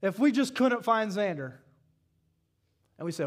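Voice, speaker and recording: A man with a Southern US accent preaching a sermon at a church service, telling folksy stories and building up to shouted calls to his congregation. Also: high voice, sing-song, measured pace. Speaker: pastor.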